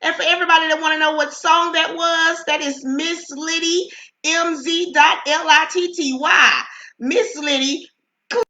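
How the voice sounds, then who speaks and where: Woman livestream host, high voice, chatty, coughing now and then, echoey room on a webcam mic. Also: steady tone, moderate pace, pushed and bright. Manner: chatty, greets viewers by name, coughs and clears throat. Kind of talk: casual live-stream chat. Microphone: computer webcam mic.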